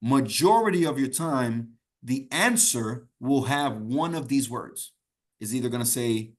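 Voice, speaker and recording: A man's voice: mid-range voice, expressive, measured pace. A man teaching an exam prep class in a conversational, encouraging way, repeating key points and checking in with "okay?". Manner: repetitive, keeps checking in with "okay?". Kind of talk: live online class teaching.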